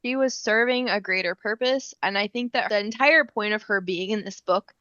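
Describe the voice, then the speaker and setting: A woman's voice: medium pitch, normal speed, pushed and bright, no echo. A woman co-hosting a podcast in casual, inquisitive chat, raising questions and theories. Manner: inquisitive, speculative. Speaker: podcast co-host. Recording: dry, dull lo-fi mic.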